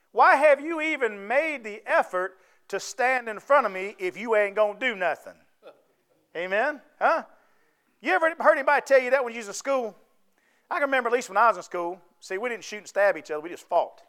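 A man's voice: high-pitched, expressive, moderate pace, long pauses, fairly bright tone, clean tone. A man preaching a sermon, folksy and conversational, often asking the congregation to answer back.

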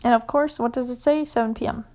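A woman's voice: fairly high pitch, fairly even intonation, fast talker, dark tone. A young adult woman telling a casual story, rambling and swearing, full of "like", often dropping to a whisper.

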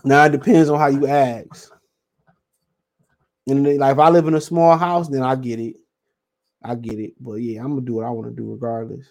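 A man's voice: medium pitch, little pitch movement, brisk, gravelly, long pauses, a little mellow. Laid-back slangy man podcasting. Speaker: podcast host. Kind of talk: casual solo podcast talk, reading listener comments.

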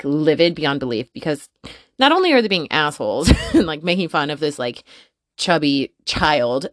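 A woman hosting a podcast from her closet, telling a story in a casual, profane, animated way and laughing often. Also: low-pitched, no room sound, clean studio sound. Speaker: podcast host. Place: home closet.

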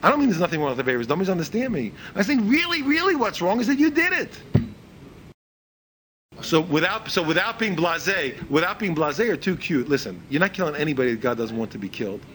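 Man, religious teacher, informal lecture, lively pitch swings, slightly high voice, faint background hiss. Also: fast, few pauses, low-quality recording. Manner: animated, repeats words while searching for phrasing; acts out quoted speakers in a higher voice.

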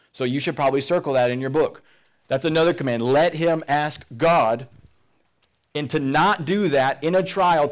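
A man preaching a sermon as pastor, earnest and emphatic, often dropping to a quiet, intense tone. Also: on the high side. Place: church service room.

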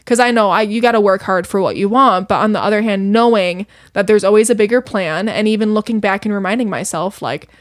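A woman's voice: medium pitch, brisk, few pauses, no echo, clean studio sound. A young woman talking as a podcast guest, earnest and emotional, rambling with many fillers. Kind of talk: casual chat.

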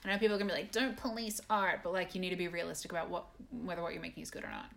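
A woman's voice: on the low side, fairly even intonation, racing, creaky, fairly bright tone. Blunt, sarcastic woman. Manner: blunt, sarcastic, swears a lot. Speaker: podcast co-host. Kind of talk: casual chat.

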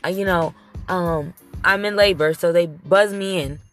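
Animated woman telling a story, lowish voice. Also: measured pace, faint music behind. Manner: emphatic and animated, talks straight to the audience. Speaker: vlogger telling her labor story. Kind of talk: casual storytelling to viewers.

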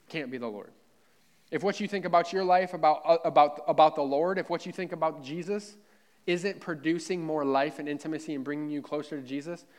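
A man preaching a sermon in a church, fervent and conversational, repeating himself and talking straight to his listeners. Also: fairly high pitch. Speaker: pastor.

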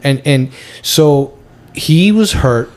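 A man co-hosting a podcast, debating a film in casual chat, animated and full of restarts. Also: on the high side, slow. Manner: animated, argues his point with frequent restarts. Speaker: podcast co-host.

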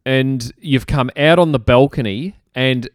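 A man pushes back in a casual chat, blunt and indignant and swearing freely. His pitch is an everyday middle. The sound is dry, with no room echo. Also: unhurried.

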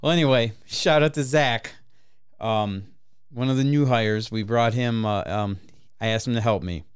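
A man with a smooth, clear voice at a middling pitch tells a long story on a casual podcast. He rambles, swears freely and keeps laughing through his own words. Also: moderate pace. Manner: rambling, profane, often laughing mid-story. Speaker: podcast co-host.

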